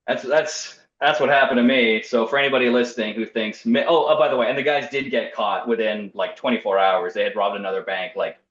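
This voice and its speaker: A man's voice: medium pitch, fairly even intonation, a little fast, hardly any pauses, fairly bright tone. A young man casually telling a personal story in a wry, self-deprecating way, acting out what people said. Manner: wry, self-deprecating, acts out quoted voices. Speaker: storyteller guest. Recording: roomy, slightly dull podcast audio.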